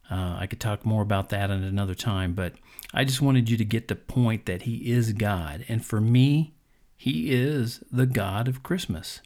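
A man's voice: on the low side, darkish tone. A man hosting a devotional podcast, talking in an earnest, conversational preaching manner with frequent fillers. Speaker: podcast host.

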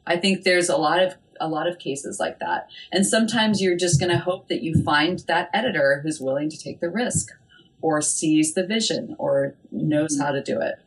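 Woman, literary agent, casual interview, slightly low voice, chatty, animated. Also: moderate pace. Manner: animated, chatty, many "like" and "I mean" fillers.

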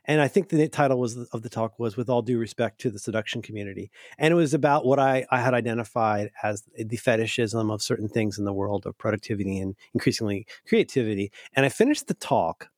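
A man's voice: lowish voice, fast, hardly any pauses, no echo, clean studio sound. A man guesting on a podcast, talking in a rambling, self-interrupting way with frequent profanity. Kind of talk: casual podcast chat.

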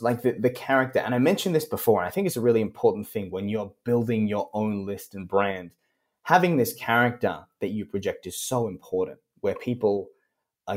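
Animated Australian man, lowish voice. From Western Australia. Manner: animated, leaps up in pitch when quoting people. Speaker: podcast guest, copywriter. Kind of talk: casual interview chat.

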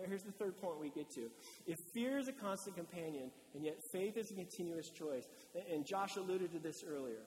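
A male pastor gives a casual, lively sermon and slips into short acted-out quotes. His voice sits high for a man. The sound carries a long reverb, as in a large church hall. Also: slight background noise. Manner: conversational and animated, acting out quotes.

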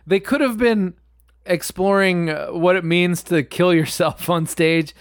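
A man's voice: high voice, a little slow, no echo, clean studio sound. A man chatting casually about a film, rambling with frequent restarts and swearing.

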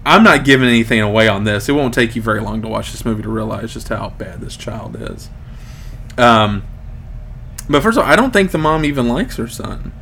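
A man's voice: mid-range voice, lively intonation, fairly quick, gravelly, a bit bright, a little hiss or hum. A man in his late thirties hosting a casual podcast chat, joking and rambling with frequent ums. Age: 30s. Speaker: podcast host.

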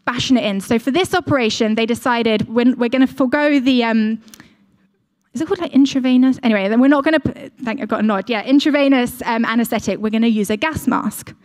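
A woman's voice: a little high, quick pace, a little mellow. A young woman preaching a sermon, telling a personal story in a chatty way, with frequent fillers and asides to the congregation.

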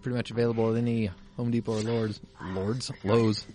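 A man's voice: medium pitch, monotone, very fast, music in the background. A man co-hosting a podcast in casual chat, swearing and telling stories with jokes. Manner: crude, joking storyteller. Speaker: podcast co-host. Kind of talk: casual chat over a film.

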